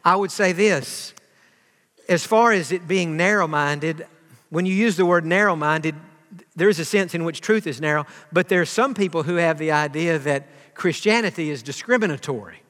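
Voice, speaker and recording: A man in his fifties delivers a sermon in a high voice. He is earnest, circling back and repeating words as he builds each point. His voice rings with the long reverb of a church hall. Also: moderate pace, a bit bright. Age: 50s. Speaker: preacher.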